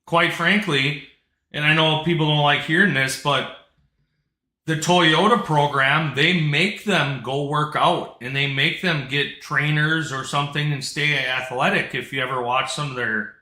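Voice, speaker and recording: A man's voice: on the high side, unhurried, bright, forceful tone, echoey room. A man hosting a live talk show, telling stories in a blunt, emphatic way. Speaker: host.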